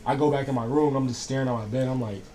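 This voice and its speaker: A man's voice: medium pitch, fairly even intonation, racing, warm tone. Rambling young man in casual chat. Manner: rambling, lots of fillers and "I was like".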